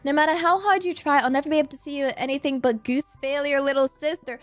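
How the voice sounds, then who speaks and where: A woman's voice: sits high, animated, moderate pace, faint music behind. A young British woman streamer chatting casually with her viewers, bubbly and giggly as she reads out the chat. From Britain.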